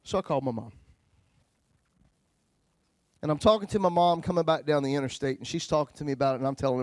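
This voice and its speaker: A male pastor telling his own story in a sermon, folksy, swinging between loud bursts and hushed lines. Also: a little high, fast, pauses often, no echo.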